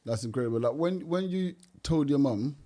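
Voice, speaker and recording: Male podcast interviewer; mellow voice, gentle encouraging asks. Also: mid-range voice, animated, normal speed. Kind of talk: casual interview questions.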